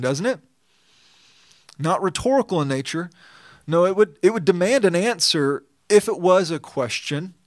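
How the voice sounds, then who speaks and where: A pastor giving an expository sermon, reading scripture and then explaining it earnestly and emphatically. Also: male voice, on the high side, no echo.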